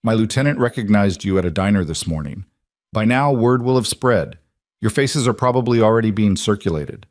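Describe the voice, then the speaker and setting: A man's voice: fairly low pitch, animated, fairly quick, no room sound, studio quality, natural voice. A man voicing a hard, protective mafia boss who speaks firmly. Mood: commanding. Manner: firm and commanding. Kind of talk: audiobook character voice.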